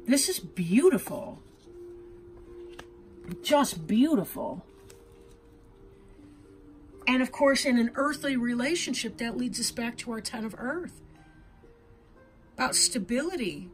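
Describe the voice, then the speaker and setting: A woman's voice: on the high side, expressive, measured pace, pauses often, faint music behind. A woman giving an intuitive tarot reading to her viewers, talking in an earnest, heartfelt way and often checking in with "right?". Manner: earnest, emotional, tag questions like "right?". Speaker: tarot reader.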